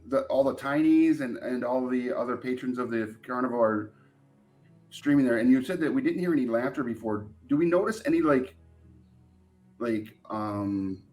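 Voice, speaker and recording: A player at a tabletop game, chatty and full of questions, often trailing off softly. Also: medium pitch. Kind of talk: casual tabletop play.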